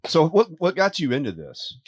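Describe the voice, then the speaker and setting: A man's voice: a little high, huge pitch swings, normal speed, no room sound. A man hosting a casual podcast, joking and teasing his guest in a playful way. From Arkansas. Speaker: podcast host.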